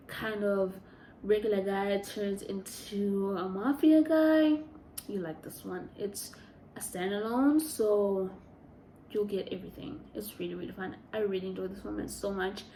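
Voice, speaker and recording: A woman's voice: medium pitch, mellow, slight background noise. Chatty woman gushing in an echoey room. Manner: chatty and gushing, rambles with many fillers. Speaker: book reviewer. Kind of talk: casual chat.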